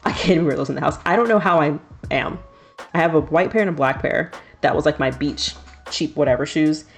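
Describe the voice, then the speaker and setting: A woman's voice: low-pitched, a little fast, soft background music. A woman in her thirties, a streamer chatting casually and laughing often while doing her nails. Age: 30s.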